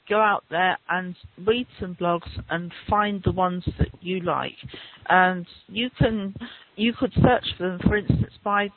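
A woman, a guest on a conference call, giving soft, unhurried advice over a distant phone line. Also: mid-range voice, breathy edge, no echo. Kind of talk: casual call talk. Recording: tinny phone line, far from the mic.

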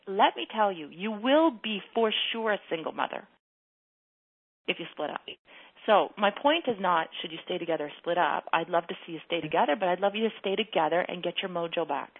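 A woman's voice: mid-range voice, lively intonation, fairly quick, husky. Emphatic woman coaching over tinny line. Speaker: relationship coach. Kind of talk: radio advice call. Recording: tinny phone-like broadcast.

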